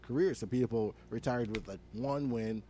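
A man's voice: medium pitch, moderate pace, dark tone, slight background noise. A young man co-hosting a comedy podcast, ranting animatedly with lots of swearing and filler words. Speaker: podcast co-host. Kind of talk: casual comedic podcast chat.

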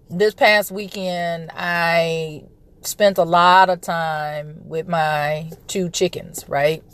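Still getting over a respiratory illness, a thirtysomething parent who hosts a podcast tells a chatty story in a casual solo episode. Her voice is lowish, and she clears her throat along the way.

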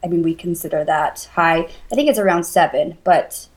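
A woman's voice: fairly low pitch, normal speed. A woman guest on a podcast, listing items casually with fillers. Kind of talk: casual interview chat.

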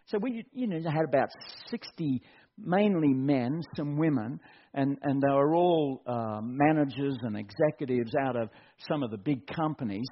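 A middle-aged man preaching a sermon, animated and acting out quotes in mock voices. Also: mid-range voice, normal speed. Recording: dull lo-fi recording.

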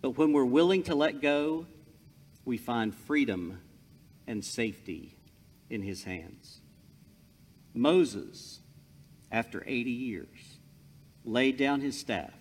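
Man preaching slow with lots of ups and downs, echo in a big hall. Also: mid-range voice. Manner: storytelling with lively emphasis. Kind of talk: sermon. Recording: long hall reverb.

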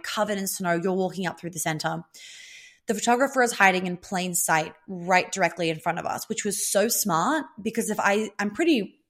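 A young woman telling a personal story in a casual, excited, rambling way, swearing now and then. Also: mid-range voice. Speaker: vlogger.

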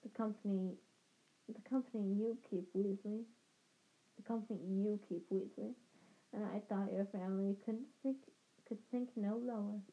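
Sneering posh wizard nobleman, soft-spoken and cutting, read by a woman; muffled recording. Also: mid-range voice, fairly even intonation, normal speed, close to an everyday voice. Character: sneering cold aristocratic wizard man.

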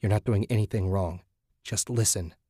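A man's voice: lowish voice, steady tone, moderate pace, warm tone, breathy edge, no echo, clean studio sound. A man voicing a tense, guarded man who speaks carefully and urgently. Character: tense wary man playing along.

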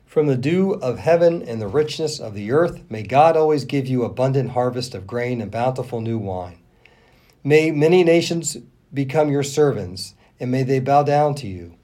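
A man co-hosting a podcast, reading scripture aloud and giving quoted speech a raised, expressive voice. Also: medium pitch, moderate pace. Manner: expressive reader who lifts his voice for quoted speech. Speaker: Bible reading podcast co-host.

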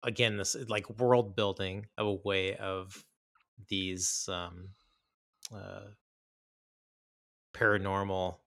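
A man's voice: sits low, little pitch movement, slow pace, creaky, pauses often, fairly bright tone, dry recording, clean studio sound. A man co-hosting a casual chat about horror films, enthusiastic and rambling, with many fillers and restarts. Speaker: podcast co-host.

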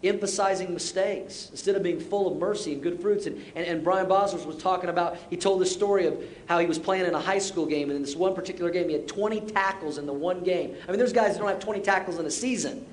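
A middle-aged male pastor delivers a sermon in a high, light voice, chatty and self-deprecating, stacking short exhortations. The sound is roomy, picked up from a stage mic in a church sanctuary. A faint low rumble sits underneath. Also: quick pace, hardly any pauses.

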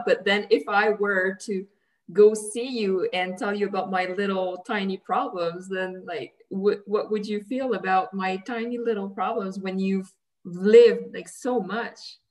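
A woman hosts the interview and asks her questions in an easy, informal way. Her voice sits at a middling pitch. She sounds curious. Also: fairly even intonation, measured pace, low-quality recording.

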